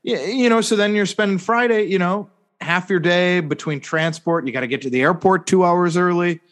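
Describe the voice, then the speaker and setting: A man's voice: sits high, normal speed, fairly bright tone. A man co-hosting a casual sports podcast, rambling through a sarcastic story full of fillers and mock-serious "hypothetically" asides. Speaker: podcast co-host.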